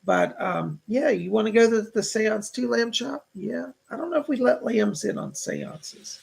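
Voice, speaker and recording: A man's voice: high-pitched, normal speed, gravelly, slightly rough. A man hosting a casual livestream as a psychic, chatting to viewers and greeting names from the chat.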